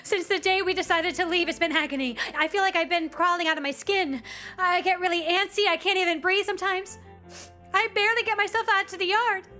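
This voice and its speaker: A woman's voice: very high voice, fairly quick, sharp tone, faint music behind. An actress playing a desperate young mother in a dubbed TV drama, pleading and anguished.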